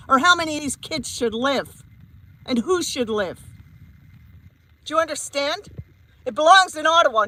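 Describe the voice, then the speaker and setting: A woman's voice: high voice, sharp tone, poor audio. A woman, a psychic medium, giving a heated vlog rant and repeating her points emphatically. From Canada.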